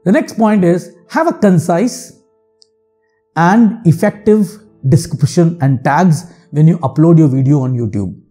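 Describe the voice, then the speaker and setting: A man's voice: on the high side, animated, measured pace, mellow, faint music behind. A man from India with an Indian English accent, giving frank, earnest advice to other channel makers in a monologue. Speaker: YouTube channel host.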